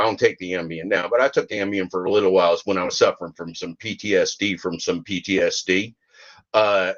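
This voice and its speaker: A man's voice: lowish voice, a bit bright, muffled recording. A middle-aged man hosting a podcast, rambling and joking in folksy grammar. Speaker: podcast host. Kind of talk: rambling comic monologue.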